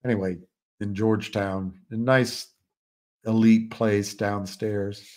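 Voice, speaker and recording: A man's voice: lowish voice, little pitch movement, slow, a little mellow. An older man hosting a live stream, chatting casually and rambling with frequent restarts. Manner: rambling, musing, many restarts. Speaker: livestream host.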